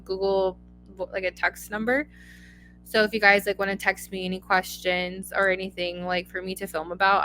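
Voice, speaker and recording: A woman's voice: lowish voice, pushed and bright, slight background noise. A young woman hosting a solo podcast, giving blunt, emphatic advice in a casual chatty way with lots of repetition. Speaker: podcast host.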